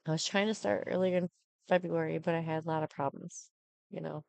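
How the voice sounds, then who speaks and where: A woman's voice: low-pitched, steady tone, fairly quick, creaky, a little mellow, dry recording. Chatty woman hosting a casual live stream. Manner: rambling, chatty, with many fillers.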